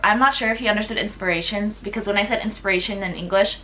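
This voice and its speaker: Bright, chatty young woman vlogger. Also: medium pitch, fast talker, slight background noise. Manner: chatty and excitable, lots of "like". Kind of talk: casual storytime vlog.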